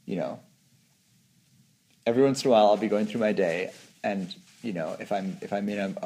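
A man's voice: deep voice, gravelly, a little mellow. A man giving an informal meditation talk as a teacher, speaking reflectively and often acting out his own inner voice.

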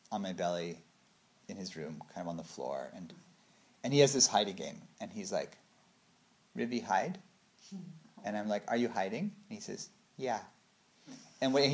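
A man in his thirties giving a casual meditation talk, acting out little quotes with big swings of voice. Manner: animated storytelling, acts out quotes with big pitch swings. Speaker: meditation teacher.

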